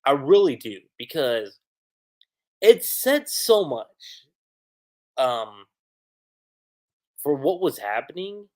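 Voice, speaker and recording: A man reviewing an anime episode on a livestream, recapping scenes in an excitable, slangy way. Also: a little high, takes it slowly, pauses often.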